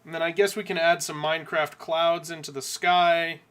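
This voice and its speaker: Guy streaming his drawing, bright slightly high voice, mutters to himself, faint hiss and keys clacking. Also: flat delivery, normal speed. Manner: mumbles quietly to himself while working, jokey asides. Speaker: streamer drawing a coloring page. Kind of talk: casual live-stream chat while drawing.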